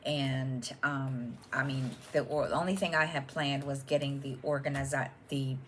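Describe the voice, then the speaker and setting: With slight background noise behind her, a middle-aged woman with a bass voice, steady tone and measured pace chats to camera at home as host of her own stitching channel. She's casual and rambling, often saying um and restarting.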